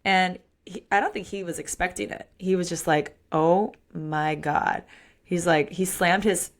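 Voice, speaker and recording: A woman's voice: lowish voice, normal speed. A woman co-hosting a podcast, chatting candidly and animatedly about a romance novel and acting out its lines. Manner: candid, animated, acts out quotes. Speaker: podcast co-host. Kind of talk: casual book chat.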